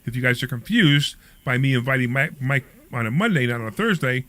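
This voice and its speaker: A man's voice: medium pitch, a little fast. A man hosting a radio call-in show about money, telling stories animatedly and acting out the people in them. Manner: animated storyteller, acts out quoted voices. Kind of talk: casual talk radio chat.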